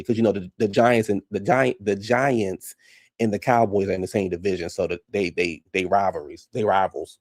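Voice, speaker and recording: Guy ranting about a reality show, cussing a lot, mellow darker voice, dry close sound. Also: lowish voice, a little fast, no room sound. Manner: profane, blunt and animated, laughs often. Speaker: reality TV reaction commentator. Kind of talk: casual reaction commentary.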